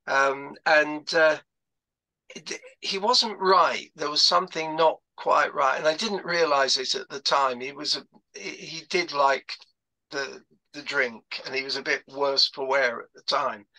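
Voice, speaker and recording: A man's voice: fairly high pitch, measured pace, pushed and bright, rough recording. An older man telling stories about his past career on a video call, rambling with lots of fillers and restarts. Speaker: guest speaker. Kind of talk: anecdotal talk on a video call.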